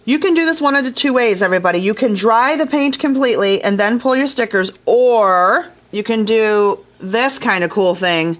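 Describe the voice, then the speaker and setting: A woman's voice: fairly high pitch, expressive, normal speed, hardly any pauses. A woman teaching glass fusing in a casual hands-on tutorial, chatty and enthusiastic, talking straight to her viewers from a studio workshop.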